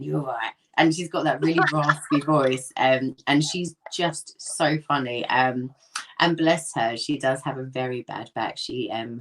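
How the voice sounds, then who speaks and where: A woman with a North London accent, chatting casually as an interview guest about her ghost hunting business, with frequent laughs and ums. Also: extremely low pitch. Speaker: ghost hunt company owner, guest.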